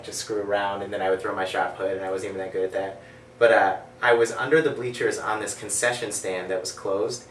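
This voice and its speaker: A man telling a long casual story in a rambling, animated way, acting out quoted voices. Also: lowish voice, far from the mic. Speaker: band guest. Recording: roomy sound from off-mic with faint hiss.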